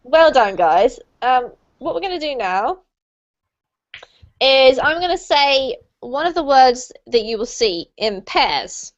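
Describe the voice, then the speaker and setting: British woman, pronunciation teacher, fairly high voice, encouraging, patient, muffled video call sound. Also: sing-song, takes it slowly. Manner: encouraging, explains patiently, light laughs. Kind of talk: online group lesson.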